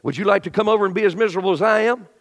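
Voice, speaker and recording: Middle-aged preacher man, high voice, animated sermon, mimics grumblers, drops way down soft for stories, long church echo. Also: rapid-fire, gravelly. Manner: animated preaching, acts out voices of complainers, drops to quiet intimate storytelling. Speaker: pastor. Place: church sanctuary. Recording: long hall reverb.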